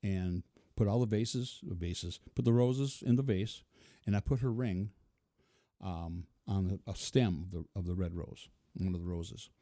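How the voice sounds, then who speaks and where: A man's voice: low voice, measured pace, warm tone, dry recording, studio quality. A middle-aged man telling a personal story in an interview, chuckling often and acting out what people said. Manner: chuckling, vivid, acts out quotes. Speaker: interview guest.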